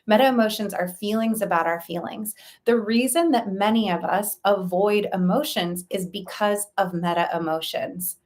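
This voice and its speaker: A woman's voice: medium pitch, normal speed, darkish tone. A woman life coach giving a direct-to-camera talk, earnest and explanatory, laying out her points in long lists.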